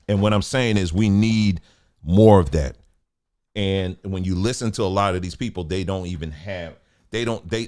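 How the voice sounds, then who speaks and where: A man teaching in a loose, colloquial preaching style, repeating points for emphasis. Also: lowish voice. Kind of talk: informal preaching.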